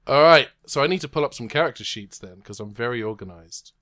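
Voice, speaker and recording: A man's voice: mid-range voice, lively intonation, pushed and bright. Hesitant man running a tabletop game. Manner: rambling, hesitant, quick to laugh. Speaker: game master. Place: home, recorded remotely.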